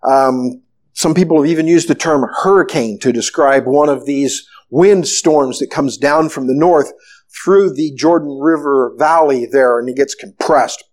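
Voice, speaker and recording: A man preaching a sermon, retelling a story with animated, storytelling delivery. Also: medium pitch, unhurried. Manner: animated storytelling, acting out the disciples' panic. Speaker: pastor.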